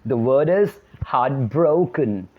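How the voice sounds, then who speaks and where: A man teaching vocabulary in a video lesson, emphatic and repeating key words slowly. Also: medium pitch, animated, phone-quality sound. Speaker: English teacher.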